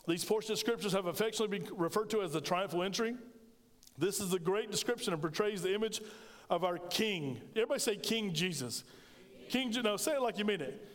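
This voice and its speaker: A middle-aged man preaching a sermon as pastor, telling stories with animation and joking with the congregation. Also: high-pitched. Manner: storytelling, animated, jokes with congregation. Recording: reverberant church sanctuary.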